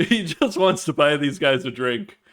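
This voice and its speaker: A man's voice: fairly high pitch, expressive, normal speed, fairly bright tone. Man recapping an episode on a podcast. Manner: recaps scenes, quotes characters, laughs often. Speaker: podcast co-host. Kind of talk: casual chat.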